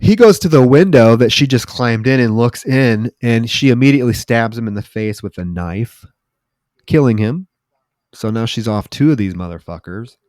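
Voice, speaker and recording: The same podcast co-host recounts a horror movie loosely, peppering it with curses and acting out quoted lines with animation. He talks at medium pitch and normal speed, with no room sound.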